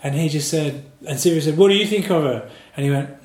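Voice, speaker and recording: A man's voice: a little high, darkish tone, soft background music. Earnest man teaching in a roomy space. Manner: earnest, measured, explanatory. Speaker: martial arts and Qigong teacher. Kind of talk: reflective group discussion.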